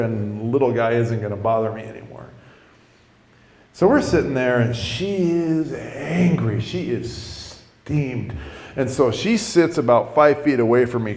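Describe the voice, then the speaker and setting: A male preacher tells a story in an animated way, acting out the people in it. His voice is mid pitched. The sound rings around an echoey church hall. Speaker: preacher telling his testimony. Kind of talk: storytelling sermon.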